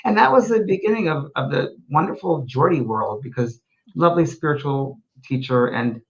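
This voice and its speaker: Animated male host, lively pitch. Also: moderate pace, lo-fi sound. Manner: animated storyteller, frequent restarts. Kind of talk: casual chat on a livestream show.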